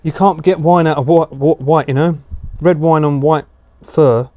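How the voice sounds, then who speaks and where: A man streaming live from home late at night, chatting casually and slipping into high sing-song baby talk for a dog. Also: fairly even intonation, a little slow, darkish tone.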